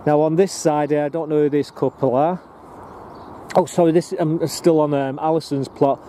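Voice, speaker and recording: A man's voice: fairly high pitch, steady tone, normal speed, dark tone, slight background noise. A man giving a rambling, casual walking tour of his allotments, full of ums and restarts, filmed outdoors on a handheld camera. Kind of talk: casual walk-and-talk commentary.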